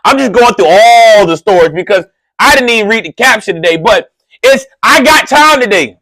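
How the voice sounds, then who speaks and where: Male radio DJ, animated storyteller, high and very lively delivery, slangy, dry close sound. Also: normal speed, no room sound. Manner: excitable, swings loud and high when worked up; conversational slang with frequent "right?" asides. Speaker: radio host.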